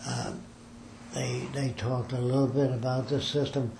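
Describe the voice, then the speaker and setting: A man's voice: medium pitch, little pitch movement, normal speed, vocal fry. An older man in an interview, telling long stories about his life and acting out the people he quotes. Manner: rambling storyteller, acts out quoted voices. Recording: echoey room with faint ambient noise.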